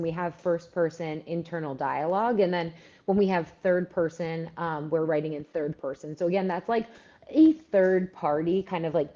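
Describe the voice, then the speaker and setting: This writing coach from Philadelphia has a lowish voice with a dark tone. She chats with viewers in a live stream Q&A, leaning heavily on fillers, and the audio sounds dull and lo-fi.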